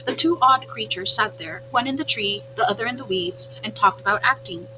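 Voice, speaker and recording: A woman reading a children's storybook aloud as a teacher, with clear, expressive storytelling. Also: medium pitch, fairly quick, few pauses. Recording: humming background noise.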